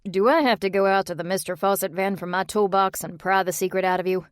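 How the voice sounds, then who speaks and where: A man's voice: high voice, fairly even intonation, fast, clear, resonant tone, dry recording, studio quality, close to an everyday voice. A woman reading the lines of a playful, pushy handyman among friends. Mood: teasing. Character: teasing, theatrical handyman.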